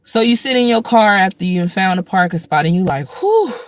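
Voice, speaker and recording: A woman's voice: mid-range voice, brisk, no room sound. A woman hosting a casual spiritual talk, telling everyday stories in a preachy way and acting out angry rants. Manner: preachy, storytelling with acted-out rants. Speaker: host.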